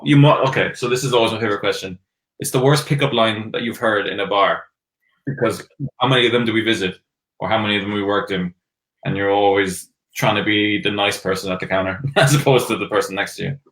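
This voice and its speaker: Gravelly low-voiced male host. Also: brisk. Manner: relaxed, hesitant, with filler words. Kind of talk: casual live-stream chat. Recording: echoey room.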